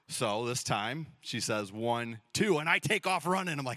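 A man's voice: a little high, expressive, brisk, a bit bright, no echo, clean studio sound. A man in his thirties preaching a sermon as pastor in a church, telling stories casually and playfully acting out dialogue. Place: church sanctuary.

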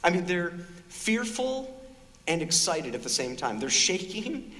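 A middle-aged man preaching a sermon as a pastor, in a conversational, animated storytelling way. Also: high-pitched, a little slow. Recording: long hall reverb.

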